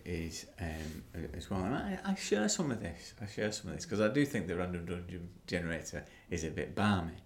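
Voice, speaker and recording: A man co-hosting a podcast, chatty and quick to laugh, often restarting his sentences. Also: sits low, big pitch swings, vocal fry. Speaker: podcast co-host. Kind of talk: casual podcast chat.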